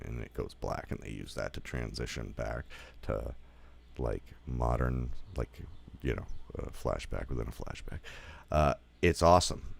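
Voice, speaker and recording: A man's voice: rumbling low, creaky. A man giving a casual spoken film review, rambling with lots of fillers like "like" and "you know", and swearing now and then.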